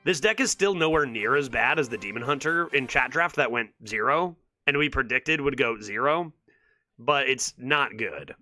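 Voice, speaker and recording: A man's voice: mid-range voice, lively intonation, normal speed, sharp tone, dry recording, faint music behind. A man streaming a card game, exasperated and sarcastic as he thinks aloud and talks to his chat. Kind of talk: live gameplay commentary to chat.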